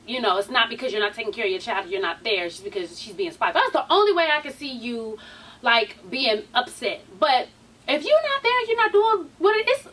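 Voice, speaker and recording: A woman's voice: high-pitched, pushed and bright, far from the mic. A woman hosting a casual recap vlog, chatty and sassy, swearing freely and calling her viewers "honey". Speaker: YouTube TV show recap host.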